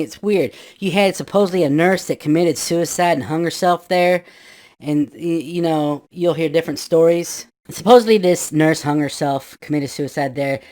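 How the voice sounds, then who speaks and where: A man in his fifties telling a spooky true story in a loose, rambling way, full of "you know" asides, sometimes shouting out what others said. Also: on the high side. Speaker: guest storyteller. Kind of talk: casual spoken ghost story.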